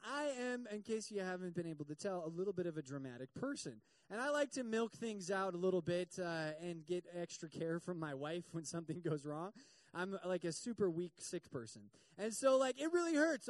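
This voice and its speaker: A man's voice: high voice, dry recording. A man, a campus ministry pastor, telling a self-mocking story in a sermon and acting out the quotes.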